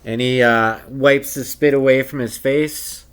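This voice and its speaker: A man narrating a tabletop game as game master, pausing often with fillers. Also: medium pitch, steady tone, fairly bright tone, clean tone. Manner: hesitant, many uh fillers.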